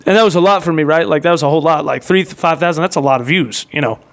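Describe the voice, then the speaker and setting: Male podcast host, high and clean-toned, excitable casual storyteller. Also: fast talker. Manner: excitable, rambling, heavy use of "like" and "bro".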